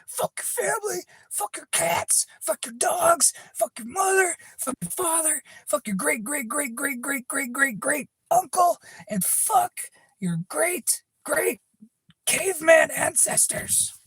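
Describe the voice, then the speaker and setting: A man voicing a foul-mouthed male fan, ranting insults in a shrill, high voice. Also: animated, slow, a bit bright, dry recording, exaggerated voice. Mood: furious.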